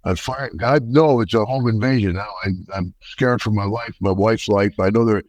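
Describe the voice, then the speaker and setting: Older American man, ex-wrestler guest, folksy animated storyteller, dry close sound. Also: on the low side, moderate pace, dry recording, poor audio. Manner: animated, folksy, acts out quotes. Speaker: podcast guest, retired wrestler. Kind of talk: casual storytelling interview.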